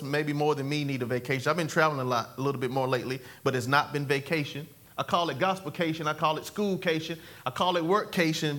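A male preacher with a notably high voice delivers a lively sermon. He swings from raised, excited calls to hushed, lower asides and keeps pulling responses from the congregation.

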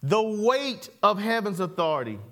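A man's voice: sits high, sing-song, moderate pace, bright, forceful tone. A man preaching a sermon, calling for responses and repeating key words. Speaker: pastor. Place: church sanctuary.

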